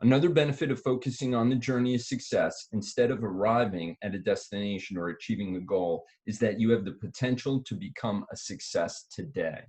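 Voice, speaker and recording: Man, low voice, radio-style reading aloud, steady and deliberate. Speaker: co-host reading an article aloud.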